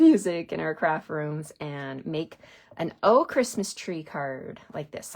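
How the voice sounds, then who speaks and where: A woman with a slightly low voice demonstrates card making in a relaxed, chatty way. She talks straight to her viewers, reads out their comments and laughs often as she works. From Canada. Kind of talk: casual live craft tutorial.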